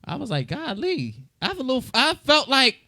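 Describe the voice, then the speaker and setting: A man's voice: very high voice, brisk, gravelly, no room sound, clean studio sound. A middle-aged man co-hosting a podcast, telling stories in a casual chat and acting out the voices of the people in them. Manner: animated storyteller, acts out dialogue, laughs often. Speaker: podcast co-host.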